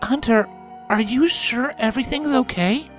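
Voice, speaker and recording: A man's voice: very high-pitched, measured pace, faint music behind, voice pushed up. A man voicing a kind, earnest young female unicorn who pleads and reassures in a storybook reading. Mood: worried. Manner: pleading, eager, sincere.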